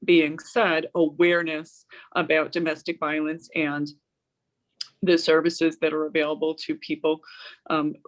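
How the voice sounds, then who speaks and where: Flat, steady woman guest. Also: deep voice, creaky, rough recording. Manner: steady, informative, frequent ums. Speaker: guest advocate. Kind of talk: interview answers.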